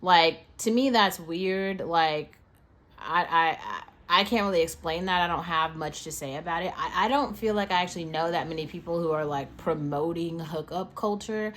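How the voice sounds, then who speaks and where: Young woman host with hiccups, low-pitched for a woman, rambling casual delivery heavy on fillers and swearing. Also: moderate pace, fairly bright tone. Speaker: podcast host. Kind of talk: casual monologue.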